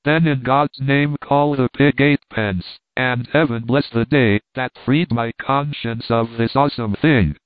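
A man's voice: mid-range voice, steady tone, a little slow, hardly any pauses, no echo, natural voice. A flustered peasant woman pleads in breathless exclamations, as a male reader puts her on. The sound is thin and tinny, like a phone line, and completely dry. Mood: pleading.

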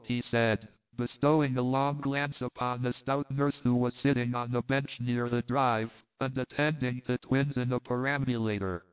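A man narrating a classic novel in a measured, literary reading. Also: mid-range voice, steady tone, smooth. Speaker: audiobook narrator. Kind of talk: scripted narration. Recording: phone-like thin sound.

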